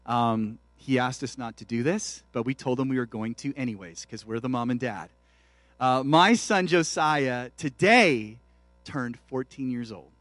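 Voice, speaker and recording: A man's voice: medium pitch, a little slow, fairly bright tone, dry recording, soft background music. A man in his forties preaching a sermon, telling a family story and acting out the dialogue with big swings in volume. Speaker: pastor.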